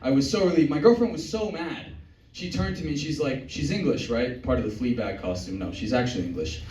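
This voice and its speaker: A young man performing a stand-up set in a comedy club, with a deadpan, meandering delivery. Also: medium pitch, fairly quick. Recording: echoey club from far off.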